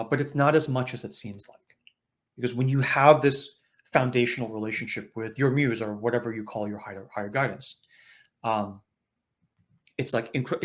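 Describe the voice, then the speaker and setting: A man hosting an online spiritual session, talking in a conversational, reflective way with many filler uhs and restarts. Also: medium pitch.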